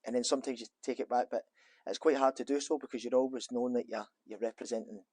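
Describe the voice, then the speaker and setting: A man's voice: medium pitch, fairly even intonation, fast talker, mellow, husky, no echo. A man, a former footballer being interviewed in an office, talking casually and rambling with many restarts and fillers.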